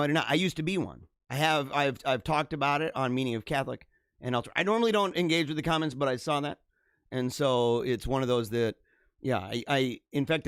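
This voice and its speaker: A man's voice: medium pitch, a bit bright, no room sound. A man hosting a casual live stream from a home basement studio, rambling and laughing often as he comments.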